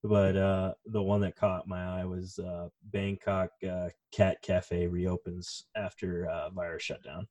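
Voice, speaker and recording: A man's voice: deep voice, level tone, unhurried, hardly any pauses, dark tone. A man co-hosting a podcast in casual chat, rambling and swearing with lots of fillers. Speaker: podcast co-host.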